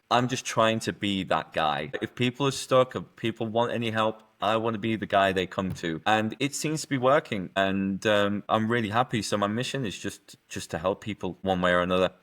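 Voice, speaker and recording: A middle-aged man telling his personal story as a podcast guest, earnest and emotional, with halting restarts. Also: lowish voice, fairly bright tone.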